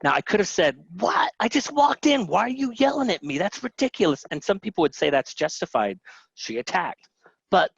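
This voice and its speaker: A middle-aged man with a Southern American accent teaches a family health webinar in a casual, chatty style, often restarting sentences, interrupting himself and acting out quotes as he tells stories. His voice is medium-pitched with no echo. The webinar audio is dry, dull and lo-fi.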